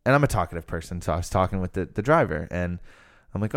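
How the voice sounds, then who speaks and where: A man's voice: low-pitched, expressive, fast talker, creaky. A young man from Rhode Island hosting a podcast, chatting casually and rambling with lots of fillers. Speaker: podcast host. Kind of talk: casual chat.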